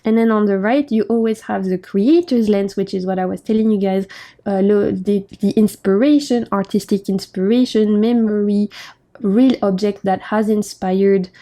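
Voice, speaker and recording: A woman's voice: mid-range voice, steady tone, moderate pace, dark tone. A woman with a French accent, chatting in a gushing, enthusiastic way as she reviews a tarot deck. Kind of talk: casual review chat.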